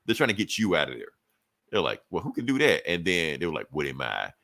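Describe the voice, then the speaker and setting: Low-voiced man recapping comics, profane. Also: wildly swooping pitch, gravelly, pushed and bright, no room sound. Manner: profane, rambling retelling with quick voiced asides. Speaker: podcast co-host recapping a comic. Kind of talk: casual comic book recap chat.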